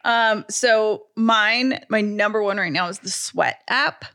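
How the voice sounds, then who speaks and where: A woman with a bright, mid-pitched voice co-hosts a casual podcast. She chats in an upbeat, rambling way. Her talk is full of "like" and "um.". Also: slow pace, clear, resonant tone. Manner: chatty, upbeat. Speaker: podcast co-host. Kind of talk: casual chat.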